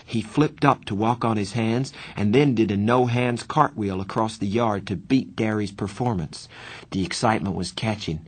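In a low, husky voice, an audiobook narrator reads a novel aloud in the first person. He delivers the story plainly and steadily, keeping his reading even and unhurried.

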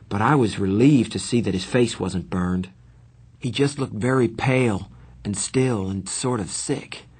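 A man narrates a novel in the first person, his low voice a little husky. He keeps an even storytelling manner and slips into light character voices for the dialogue. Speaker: audiobook reader. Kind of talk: scripted narration.

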